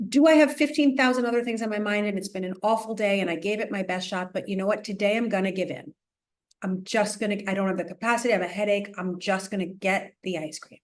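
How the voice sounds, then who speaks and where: A woman speaking as a parenting expert guest in a casual podcast interview, animated and chatty, with frequent restarts, fillers and little laughs. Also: medium pitch. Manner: laughs often while explaining.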